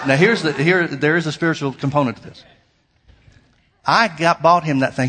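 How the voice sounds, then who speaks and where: A man's voice: on the high side, fast, a bit bright, a faint crowd. A man preaching a sermon, telling a personal story in an earnest, emphatic way. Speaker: pastor.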